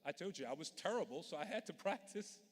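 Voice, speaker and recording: A fast-talking man with a fairly high voice and lively intonation gives a storytelling commencement speech. He's from Louisiana and sounds folksy, earnest and direct. The setting is a large indoor arena with a long, booming reverb.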